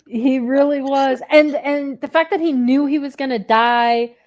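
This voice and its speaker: A woman's voice: high voice, fairly even intonation, unhurried, a little mellow, dull audio. A young adult woman co-hosting a book club podcast, talking casually, laughing often and swearing freely. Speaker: podcast co-host.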